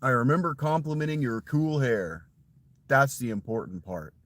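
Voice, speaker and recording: A man's voice: medium pitch, lively intonation, moderate pace, fairly bright tone. A man in a casual livestream chat, rambling and confiding straight to his viewers in a put-on voice that he pushes forward in his throat for a slight distortion.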